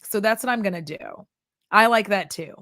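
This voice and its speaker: Blunt, animated woman chatting casually. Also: mid-range voice, normal speed, dry recording, studio quality. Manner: animated, blunt, swears freely, laughs often. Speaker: beauty content creator turned chat vlogger. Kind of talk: casual chat vlog while doing makeup.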